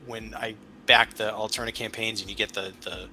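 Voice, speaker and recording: A man hosting a podcast, chatting casually and telling a rambling, animated story as a father. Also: lowish voice, normal speed, slight background noise, low-quality recording. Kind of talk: casual conversation.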